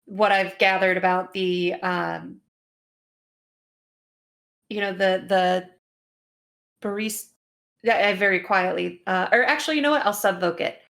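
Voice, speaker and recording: A woman's voice: medium pitch, measured pace, gravelly, long pauses, fairly bright tone. A woman playing a tabletop game, chatty and thinking aloud. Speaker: player.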